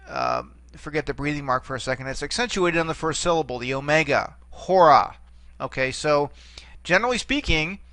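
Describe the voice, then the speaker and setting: A man's voice: fairly high pitch, a bit bright, slight background noise. A man teaching a recorded lecture, explaining step by step and pointing at a board, with frequent fillers.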